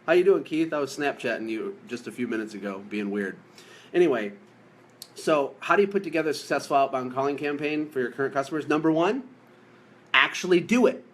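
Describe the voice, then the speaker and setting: A man from the United States giving an energetic, jokey coaching talk on a live stream, repeating his key points for emphasis. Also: mid-range voice, fairly quick. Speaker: business coach.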